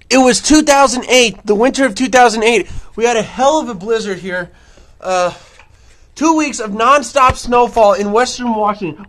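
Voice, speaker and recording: Out of breath and rambling excitedly, a man with a very high-pitched voice vlogs outside in a snowstorm. He talks into the mic of a handheld camera.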